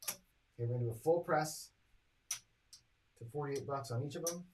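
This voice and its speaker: Guy streaming craps, calling rolls and doing the math out loud, noisy background with clicks. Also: medium pitch, moderate pace. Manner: chatty, reads dice rolls and tallies bets aloud; talks to chat viewers directly. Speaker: craps strategy host. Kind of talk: casual live-stream commentary.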